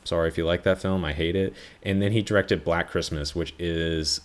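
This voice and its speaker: Very deep-voiced rambling man. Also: steady tone, moderate pace. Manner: rambling, chatty, self-correcting, swears freely. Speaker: podcast host. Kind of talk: casual movie review chat.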